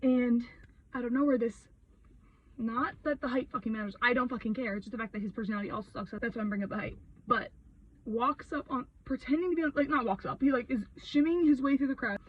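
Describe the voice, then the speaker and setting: A young woman vlogger ranting a story in a heated, sweary, expressive way, full of fillers. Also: fairly high pitch, fast talker, recorded from a distance, lo-fi sound, a little hiss or hum.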